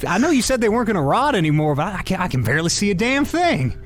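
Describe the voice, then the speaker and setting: A man voicing a chatty, theatrical undead talking head in a tabletop game, speaking fast and fussily. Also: high-pitched, big pitch swings, soft background music, voice pushed up. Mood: fussy. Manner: rapid, fussy, talks over others.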